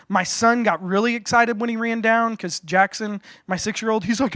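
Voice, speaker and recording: A male pastor preaching a sermon, telling a story in an animated, joking way with frequent restarts. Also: high voice, normal speed, hardly any pauses, no echo.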